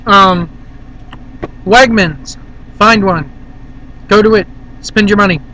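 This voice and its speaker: A man's voice: high voice, bright, forceful tone, a little hiss or hum, rough recording. A man from Virginia rambling casually and bluntly to the camera in a vlog, filmed on a handheld camera in a car. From Virginia, USA. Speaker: vlogger.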